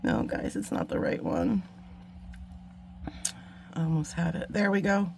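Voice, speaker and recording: A woman's voice: fairly low pitch, sing-song, unhurried, creaky, darkish tone, a little hiss or hum. A woman hosting a beading tutorial, chatting casually and mocking herself while she works, with muttered asides to the viewers. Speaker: beading channel host. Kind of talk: casual craft tutorial chat.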